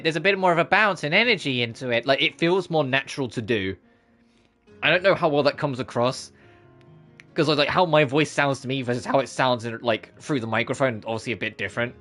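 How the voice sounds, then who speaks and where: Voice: mid-range voice, sharp tone. A streamer chatting casually during a game playthrough, rambling and filling sentences with "like". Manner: rambling, full of "like". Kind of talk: casual let's-play commentary.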